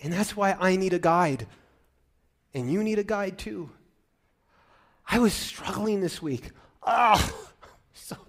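Middle-aged pastor guy preaching, high voice, goes from loud and excited to quiet and choked up. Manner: animated, swings from loud excitement to hushed and choked-up. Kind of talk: sermon.

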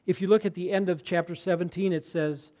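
A man preaching a sermon as pastor, earnest and conversational, sometimes dropping to a hushed tone for emphasis. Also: high voice, steady tone, a little fast.

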